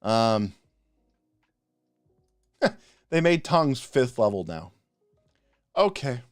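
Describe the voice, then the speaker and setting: A man co-hosting a live stream, ranting passionately in a casual, animated way with frequent restarts. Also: mid-range voice, extremely slow, no echo, studio quality, soft background music. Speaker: podcast co-host reviewing game spells.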